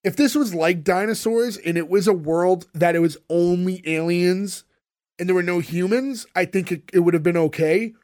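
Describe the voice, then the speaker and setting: A man's voice: high-pitched, normal speed, a little mellow. A man hosting a casual podcast, rambling with many fillers and restarts as he recaps a sitcom.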